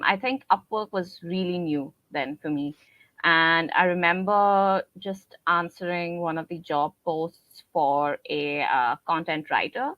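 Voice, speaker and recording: A woman being interviewed on a podcast, talking in a laid-back, playful manner. Her voice is on the low side for a woman, recorded dry and close. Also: no room sound, lo-fi sound. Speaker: podcast guest, operations manager. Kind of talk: casual interview chat.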